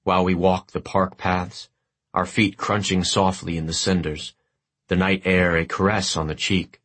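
A man reading a war memoir aloud as an audiobook narrator, in a measured, literary and wry way. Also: low voice, little pitch movement, fairly bright tone.

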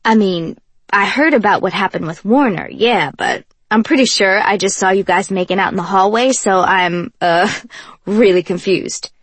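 A woman voicing a loud, teasing young man who swears casually, in an audiobook reading with a breathy, dry sound. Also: mid-range voice, normal speed, dry recording, lightly acted. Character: cocky joking young man, loyal friend. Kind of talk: audiobook character voice.

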